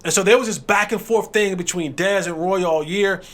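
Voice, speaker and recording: Male podcast host, fairly high voice, relaxed casual chat, quick asides. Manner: laid-back, quick asides, laughs along. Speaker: podcast host, former NFL player.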